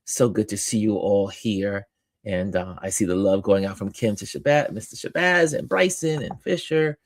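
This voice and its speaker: A man hosting a live-stream, greeting viewers by name and reading their comments aloud in an upbeat, animated way. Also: fairly low pitch, moderate pace, dry recording. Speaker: host.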